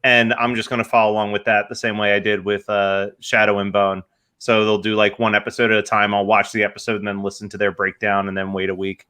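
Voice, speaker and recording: Bright-voiced Pennsylvania man, rambling. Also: on the low side, flat delivery, quick pace, clean tone. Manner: laughing, rambling storyteller. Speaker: podcast co-host. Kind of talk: casual chat.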